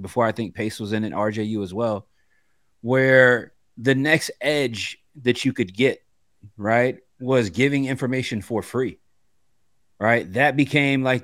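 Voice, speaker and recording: A man's voice: medium pitch, no room sound, clean studio sound. Chatty man arguing his point. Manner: conversational, keeps asking "right?". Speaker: debate panelist. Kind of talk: casual debate talk.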